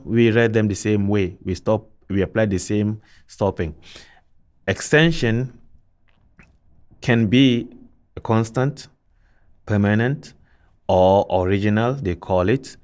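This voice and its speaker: A man's voice: on the low side, slow, pauses often, a little mellow. A man teaching Quran recitation rules, patiently repeating points, asking and answering his own questions, and chanting verses as examples.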